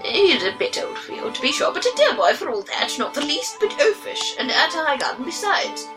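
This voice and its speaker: A woman voicing a blunt, sharp-tongued elderly noblewoman who scolds freely, with music underneath. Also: sits high, sing-song, brisk, rough recording. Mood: scolding.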